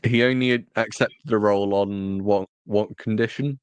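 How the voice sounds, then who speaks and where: Low-voiced man, dry close sound. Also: steady tone, normal speed, clear, resonant tone, no room sound. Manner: wry, teasing humor. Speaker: podcast co-host. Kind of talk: casual chat.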